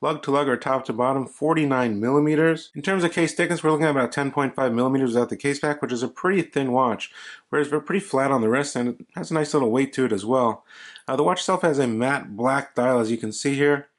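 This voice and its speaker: A man's voice: medium pitch, quick pace. A man narrating a casual watch review in an easygoing way, often doubling his words of praise, recorded as a voice-over for close-up footage. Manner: easygoing, repeats praise words ("really, really nice").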